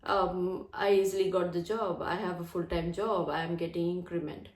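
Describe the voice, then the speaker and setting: A woman's voice: fairly low pitch, flat delivery, normal speed, darkish tone. A woman hosting her own channel, talking in an earnest, chatty way and often repeating phrases. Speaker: channel host. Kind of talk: casual chat to camera. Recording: roomy echo.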